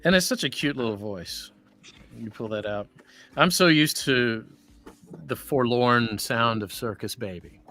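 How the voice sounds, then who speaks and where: A man's voice: medium pitch, measured pace, bright, forceful tone. A man, a voice actor, chatting casually on a livestream while signing prints, rambling and joking.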